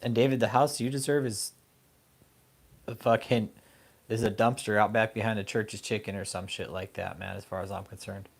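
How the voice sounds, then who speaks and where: A man's voice: lowish voice, fairly even intonation, moderate pace, creaky. A man hosting an online commentary show, ranting angrily and profanely at a preacher, mocking him with insults. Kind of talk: casual profane rant.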